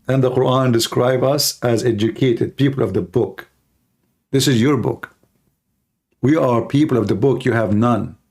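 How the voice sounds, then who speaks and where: A man hosting a live call-in stream, arguing in a mocking, combative way and driving his points home with rhetorical repetition. His voice sits at an ordinary pitch but sounds hoarse and worn, with coughs breaking in. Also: normal speed, a little mellow. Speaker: livestream host debating callers.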